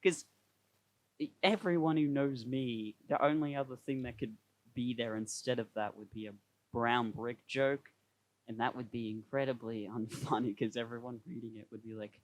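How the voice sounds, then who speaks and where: A man's voice: mid-range voice, steady tone, normal speed. A young man hosting a podcast, chatting casually, laughing and rambling over voice chat from home. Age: young adult. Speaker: podcast host. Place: home, remote call. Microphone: computer mic over voice chat.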